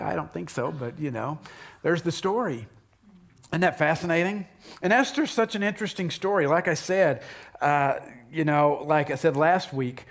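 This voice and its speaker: A pastor tells a Bible story in a lively sermon, his voice sitting a little high for a man. He acts out the characters, leaping up suddenly for their exclamations. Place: church sanctuary.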